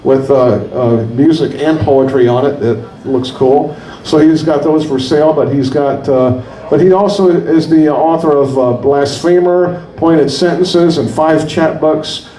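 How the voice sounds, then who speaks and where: A man's voice: a little high, a little slow, mellow, roomy sound, distant mic, slight background noise, poor audio. A man hosting a coffee shop poetry reading, introducing the poet informally and tripping over book titles. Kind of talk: event introduction.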